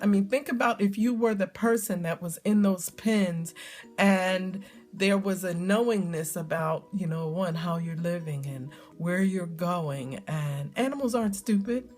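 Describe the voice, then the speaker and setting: A woman's voice: on the low side, measured pace, soft background music. Chatty middle-aged woman vlogger. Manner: chatty, storytelling, emphatic repetition, frequent ums. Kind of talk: casual talk to camera.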